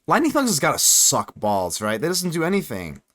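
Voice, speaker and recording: A man hosting his channel, giving live gameplay commentary in a chatty, excitable way, thinking aloud as he plays. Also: on the high side, moderate pace. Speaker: card game streamer and channel host.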